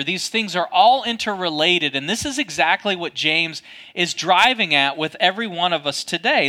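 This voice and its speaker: A man preaching a sermon, telling a personal story with a loud, booming voice. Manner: storytelling, dramatic, self-mocking. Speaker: pastor.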